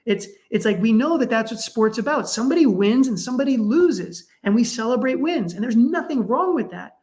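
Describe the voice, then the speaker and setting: Animated middle-aged man telling stories. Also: a little fast. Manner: animated, acts out quoted parents with raised pitch. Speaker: sports psychologist guest. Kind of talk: conversational storytelling.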